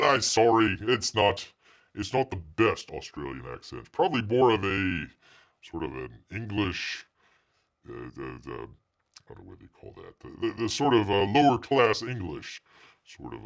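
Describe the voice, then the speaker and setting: A man's voice: on the low side, big pitch swings, normal speed, gravelly, a bit bright. A man hosting a live stream, chatting casually, joking and rambling, and speaking of himself in the third person. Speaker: livestream host.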